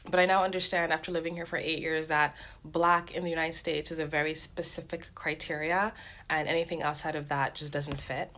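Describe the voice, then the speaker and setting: A woman from Africa speaking reflectively in a measured vlog monologue. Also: low-pitched, level tone, fairly bright tone, a little hiss or hum.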